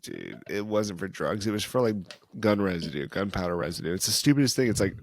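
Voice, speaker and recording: A man co-hosting a casual podcast, dropping wry, teasing quips. His voice sits low and has a gravelly edge. The sound is dry and close. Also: sing-song, a little fast, no room sound. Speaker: podcast co-host. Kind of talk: casual chat.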